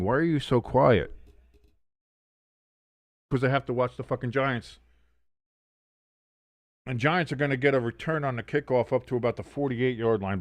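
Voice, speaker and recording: A man hosts a casual football watch-along stream in a medium-pitched voice with no room sound. He calls plays and reads the chat aloud, his humor sardonic and full of swearing.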